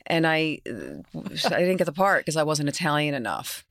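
A woman's voice: low-pitched, big pitch swings, moderate pace, gravelly, a bit bright, no room sound, clean studio sound. A woman from New York with a New York accent, a guest actress in an interview who tells candid stories, laughs often and acts out what people said. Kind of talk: casual interview storytelling.

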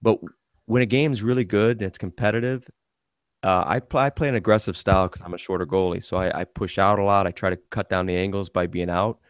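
A man's voice: sits low, steady tone, fairly quick, clean tone, dry recording, studio quality. A man hosting a casual sports podcast, telling rambling stories about playing goalie in a hockey league and laughing as he goes. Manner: rambling storyteller, laughs through his anecdotes.

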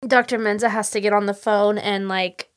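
A woman's voice: mid-range voice, steady tone, moderate pace. A woman co-hosting a podcast, chatting and chiming in eagerly about a book. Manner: chatty, jumps in to finish thoughts. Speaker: podcast co-host. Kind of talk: casual book-club chat.

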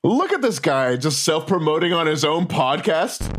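A man playing in a tabletop game podcast, trading quick wisecracks. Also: a little high, big pitch swings, noisy background. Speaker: player. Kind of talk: casual chat at a game table.

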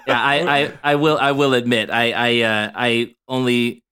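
A man's voice: mid-range voice, steady tone, moderate pace, a crowd in the background. A man in casual podcast chat, self-deprecating and stammering as he restarts his sentences.

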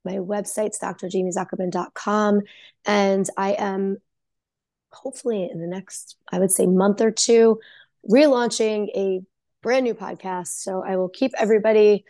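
A woman's voice: mid-range voice, steady tone, normal speed, warm tone, dry recording, studio quality. A woman psychologist guesting on a podcast, explaining earnestly and emphatically in casual talk, her voice still touched by a recent cold. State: post-cold voice.

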